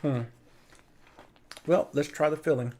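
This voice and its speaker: A man's voice: a little high, a little slow. A man with a slightly raised voice chats on a live stream. He tells stories with animation and slips into put-on voices. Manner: animated storyteller, puts on voices. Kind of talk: casual chat.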